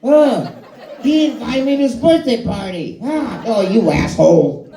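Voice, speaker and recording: A man's voice: extremely high pitch, lively intonation, a little slow, vocal fry, warm tone, a faint crowd, voice pushed up, exaggerated voice. A man doing a squealing, overexcited talk-show host. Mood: giddy. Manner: stammering, breathless, squealing. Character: giddy, eternally excited male talk-show host impression. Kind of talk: stand-up impression. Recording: roomy live venue.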